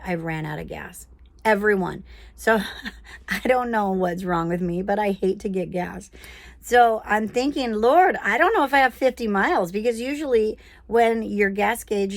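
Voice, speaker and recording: A woman casually telling a personal story with animated, prayerful, self-deprecating energy. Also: medium pitch, creaky, no room sound.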